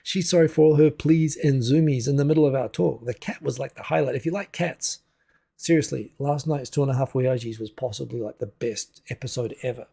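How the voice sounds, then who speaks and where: Gravelly-voiced man rambling on a livestream. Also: mid-range voice, fairly even intonation, a little fast, dark tone. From New Zealand. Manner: rambling, chatty, answers viewer comments on the fly. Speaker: livestream host. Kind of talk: casual livestream chat. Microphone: desk USB microphone.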